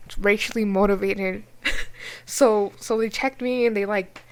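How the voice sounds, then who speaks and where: A young woman from New Mexico co-hosting a podcast, telling a story in a casual, animated way with lots of swearing and filler words. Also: medium pitch, measured pace, smooth. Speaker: podcast co-host.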